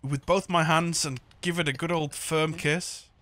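A man's voice: fairly high pitch, steady tone, a little slow, a bit bright. A man in casual gaming banter, joking playfully with friends. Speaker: game streamer.

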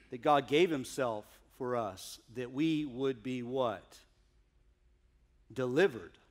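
A man preaching a sermon as pastor, emphatic, swinging from loud declarations to hushed asides. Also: mid-range voice.

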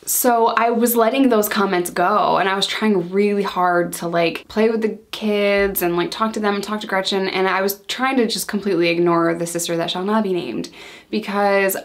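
A woman's voice: medium pitch, fairly even intonation. Chatty woman in her thirties telling a story. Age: 30s. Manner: chatty, exasperated, quotes herself and others in quick bursts. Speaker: storytime vlogger. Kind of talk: casual storytelling.

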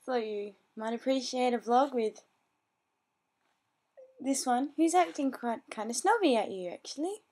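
A woman's voice: on the high side, animated, a little slow, pauses often, dark tone. A teenage girl, chatting bubbly and scattered in a casual home vlog, often gasping and laughing. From Australia. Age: teens. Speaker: vlogger. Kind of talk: casual chat.

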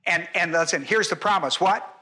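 A man's voice: high voice, moderate pace, bright, forceful tone. Emphatic older man preaching a sermon. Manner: emphatic, repetitive, asks the congregation questions. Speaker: pastor. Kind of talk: expository Bible-teaching sermon.

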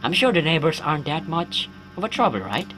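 A man's voice: fairly high pitch, very animated, brisk, background noise. A man voicing a busy mother who brushes off her child's worries with sugary scolding. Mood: dismissive.

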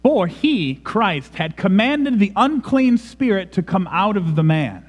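A man's voice: high-pitched, very animated, measured pace, big-room sound. A man preaching a sermon in a church, emphatic and dramatic. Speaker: pastor. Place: church sanctuary.

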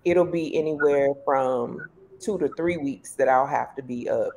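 A woman on a casual panel who talks in a relaxed, agreeable way with casual slang. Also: very deep voice, measured pace, a little hiss or hum, rough recording.

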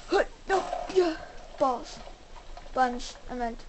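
Young woman gamer, high voice, excitable commentary, faint game noise behind. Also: takes it slowly. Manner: excitable, exclaims and talks to viewers. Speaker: gaming channel host.

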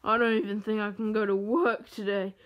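A woman's voice: medium pitch, level tone, a little fast, lightly acted. Woman voicing a sick, whiny grown man. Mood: sick, miserable. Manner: groaning, complaining. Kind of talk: puppet comedy voice acting.

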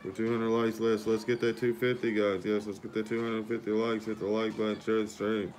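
Livestream host, male, deep-ish and even, runs through viewer thank-yous in a steady drone. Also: fairly quick, a little hiss or hum. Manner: repetitive shout-outs and thanks to viewers. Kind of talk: casual live-stream chat.

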